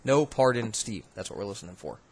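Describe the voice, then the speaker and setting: A man hosting as a paranormal investigator, casually talking through recordings in a relaxed, halting way, thinking aloud with fillers. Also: lowish voice, gravelly, slightly rough. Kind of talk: casual commentary reviewing recordings.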